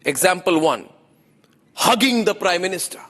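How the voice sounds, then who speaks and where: A man's voice: sits high, lively intonation, normal speed, fairly bright tone, long reverb tail. A man with an Indian English accent, delivering an opinionated TV news monologue as anchor, emphatic and repeating phrases for effect.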